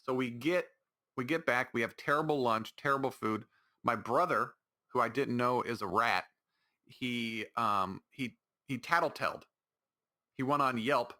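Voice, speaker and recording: A man's voice: mid-range voice, a little slow, bright, forceful tone. A man hosting his own podcast, talking alone in a rambling, exasperated way with lots of restarts. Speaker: podcast host. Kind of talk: solo casual podcast monologue.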